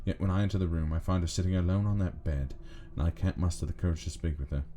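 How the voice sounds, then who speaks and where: A man voicing a mournful middle-aged husband worried about his ill wife, speaking gravely. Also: deep voice, fast, mellow, slight background noise, close to an everyday voice.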